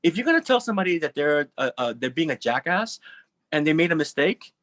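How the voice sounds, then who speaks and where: A man speaking on a panel in a casual, animated, profane way, acting out little quoted voices. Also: on the high side, a little fast, no room sound.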